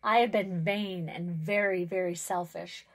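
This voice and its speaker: A woman's voice: steady tone, a little slow. Give me a woman voicing a selfish, ranting male pond spirit. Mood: pleading. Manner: ranting, high and loud when upset.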